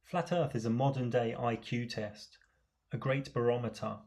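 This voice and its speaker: A man with a mid-pitched voice delivers a comic rant monologue, dripping with sarcasm. He mocks and scoffs as he goes, with a casual, matey delivery. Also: fairly even intonation, moderate pace, darkish tone. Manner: sarcastic, mocking.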